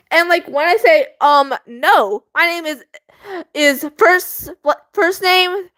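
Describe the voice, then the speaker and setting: A woman's voice: very high-pitched, takes it slowly, bright, forceful tone, dry recording. Giggly teen girl rambling about school. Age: teens. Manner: rambling, giggly, lots of fillers. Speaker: student vlogger. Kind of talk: casual chat. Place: bedroom at home.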